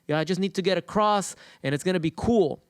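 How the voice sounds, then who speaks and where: A man voicing a sly, smooth-talking male scorpion in a fable, coaxing and contemptuous. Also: sits high, fast talker, no echo, studio quality, natural voice.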